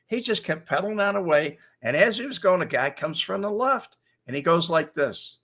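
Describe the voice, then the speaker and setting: An older man hosting a casual talk show, telling animated stories and laughing often as he acts out quotes. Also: high voice, normal speed. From Chicago area. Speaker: show host. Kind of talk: casual storytelling chat.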